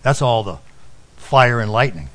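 A middle-aged man preaching a sermon, telling a personal story and dropping to a soft, low voice on key lines. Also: lively intonation, unhurried, poor audio. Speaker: pastor.

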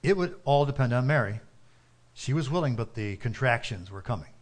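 Brief: male narrator, mid-pitched, steady and earnest story reading. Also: fairly quick.

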